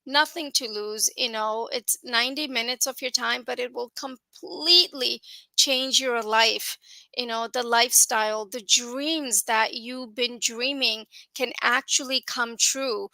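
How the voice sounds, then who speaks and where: Woman guest, earnest testimonial, bright and higher voice, dry close sound. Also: fairly even intonation, a little slow, creaky, no echo, low-quality recording. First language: grew up in the US with an Indian-accented English. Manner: earnest, many fillers like "you know". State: tearful at times. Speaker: guest sharing business success. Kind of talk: emotional personal testimonial.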